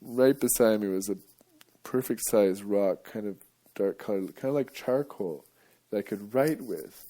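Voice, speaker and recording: In a lowish voice and at a slightly slow pace, a man gives a rambling, jokey live talk to an audience, now and then breaking into loud, playful chants.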